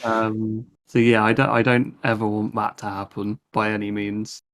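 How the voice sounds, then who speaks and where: A chatty man with a fairly low voice and a very even, flat delivery. He talks through ideas loosely in a casual podcast chat, often ending points with little tag questions. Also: moderate pace. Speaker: panelist.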